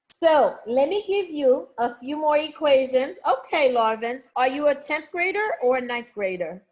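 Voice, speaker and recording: A woman's voice: sits high, expressive, unhurried. A woman teaching math in a live online review session, coaxing students with pet names and frequent check-ins. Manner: frequent check-ins like okay and all right.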